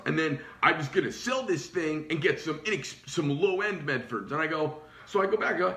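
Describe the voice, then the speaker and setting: A man's voice: a little high, lively intonation, a little fast, hardly any pauses, bright, forceful tone. A man who owns a knife company, telling a heated, profane story in a blunt ranting monologue. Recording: roomy echo.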